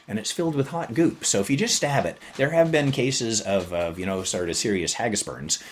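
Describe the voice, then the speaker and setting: A man hosting a podcast, explaining and retelling in a casual, jokey way, jumping up in pitch for emphasis. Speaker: podcast host.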